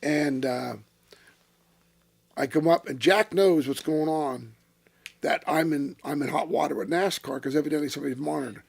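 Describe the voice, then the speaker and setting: A man in his sixties, a former racing driver as interview guest, telling blunt, profane stories that flare into shouting. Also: fairly high pitch, moderate pace, creaky, slightly rough. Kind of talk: storytelling in a casual interview.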